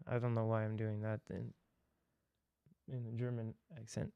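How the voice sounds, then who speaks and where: A man's voice: on the low side, flat delivery, moderate pace, gravelly, long pauses, mellow, smooth, no echo. A man hosting a casual livestream, chatting and joking with viewers between clips. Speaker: host reacting to a voice lesson.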